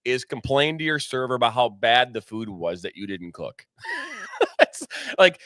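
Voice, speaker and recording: A man's voice: mid-range voice, sing-song, moderate pace, a bit bright, no room sound, clean studio sound. A man co-hosting a soccer podcast, ranting candidly with frequent swearing and rambling restarts. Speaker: soccer commentator and podcast co-host. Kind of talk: candid opinionated podcast rant.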